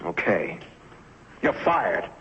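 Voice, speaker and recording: An irritable, sickly cartoonist. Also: male voice, extremely slow. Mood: angry. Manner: bitter, snapping, shouts when angry. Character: irritable ailing male cartoonist, self-pitying and defensive. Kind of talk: 1950s TV drama acting. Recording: dull lo-fi old TV soundtrack with faint hiss.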